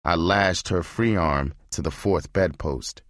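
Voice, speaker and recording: A man narrating a novel as an audiobook reading, in a measured, steady way. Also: sits low, dry recording, clean studio sound.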